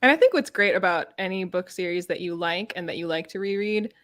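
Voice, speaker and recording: A woman's voice: fairly low pitch, lively intonation, a little fast, a bit bright, no echo. Woman book-channel host, casual chat, rambling and filler-heavy, dry sound. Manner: chatty, rambling, many fillers. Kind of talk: casual live chat about books.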